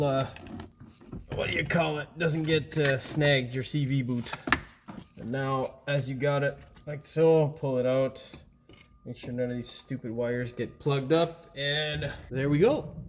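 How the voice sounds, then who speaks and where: A man's voice: a little high, background noise. A man hosting a hands-on car repair tutorial, talking in a casual, blunt and mildly profane way, recorded on a camera mic in a garage workshop. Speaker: mechanic and channel host.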